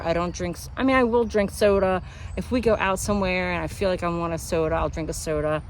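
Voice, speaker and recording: A woman's voice: lowish voice, slight background noise. A woman vlogger talking casually and venting, acting out what other people said to her. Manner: chatty, animated, acts out others' lines. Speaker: homestead vlogger.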